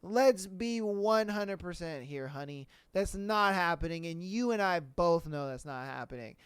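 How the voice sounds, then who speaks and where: A podcast host rants alone at a measured pace, his high voice smooth against no room sound. He's blunt and animated, talking in casual slang and cursing a lot.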